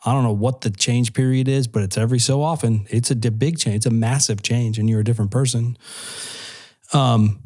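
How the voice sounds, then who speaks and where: A man's voice: mid-range voice, steady tone, fairly quick, a little mellow, no echo, studio quality. A man who works as a counselor, talking in a candid, self-deprecating way during a casual panel discussion. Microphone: video call.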